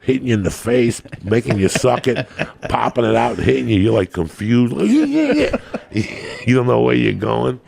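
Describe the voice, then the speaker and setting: A man's voice: mid-range voice, normal speed, hardly any pauses, darkish tone. A man, a podcast guest, telling rambling, profane stories in a casual chat. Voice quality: gravelly. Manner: crude, rambling storyteller. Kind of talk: profane storytelling.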